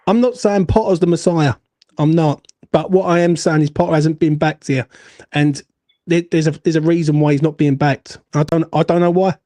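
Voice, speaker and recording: Ranting football host. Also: male voice, a little high, steady tone, normal speed, warm tone, no room sound. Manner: blunt, swearing, ranting. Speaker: fan show host. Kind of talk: heated fan call-in chat.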